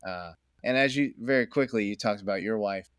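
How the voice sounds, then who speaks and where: A man's voice: on the low side, a little fast, clean tone, no echo, clean studio sound. A middle-aged man, a podcast guest, talking enthusiastically in casual conversation, rambling and laughing often.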